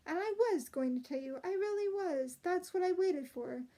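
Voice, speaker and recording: A woman's voice: very high-pitched, moderate pace, voice pushed up. A woman doing a cheerful boyish young king. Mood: excited. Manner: playful, excited, grumbling.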